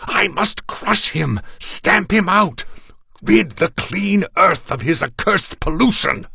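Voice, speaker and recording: A man's voice: sits high, lively intonation, slow, vocal fry, sharp tone, slightly rough, no room sound, pitched above the performer's own voice, heavily acted. A man voicing a raving man who screams curses at the friends holding him back. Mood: raging. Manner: screaming, ranting. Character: man in a murderous rage, screaming.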